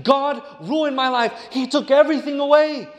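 A man's voice: very high voice, moderate pace, lo-fi sound, pitched above the performer's own voice. A preacher voicing a bitter, dying old father who was once a missionary, speaking with anguish in a reverberant hall. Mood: bitter, angry.

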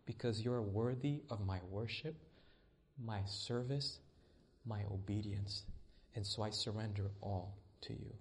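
A male pastor preaching a sermon in an emphatic way, swinging between loud stretches and hushed ones. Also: fairly low pitch, measured pace.

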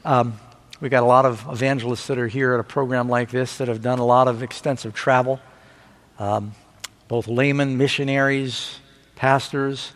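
A man preaching a sermon, telling stories with rising excitement and asking the audience for amens. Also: medium pitch, normal speed. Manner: animated storytelling preacher. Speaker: pastor. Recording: long hall reverb.

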